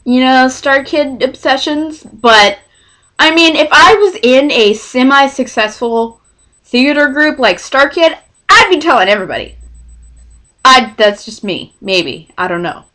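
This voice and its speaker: A young woman from Texas telling a storytime vlog, rambling and excitable, often cutting herself off mid-sentence. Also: high-pitched, a little slow. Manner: rambling, self-interrupting, excitable. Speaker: vlogger.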